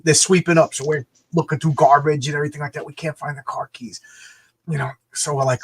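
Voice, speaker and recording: A man's voice: a little high, fairly quick, slight background noise. A man hosting a casual chat, telling an anecdote and acting out the voices of people in it. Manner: animated, acts out voices in anecdotes. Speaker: host.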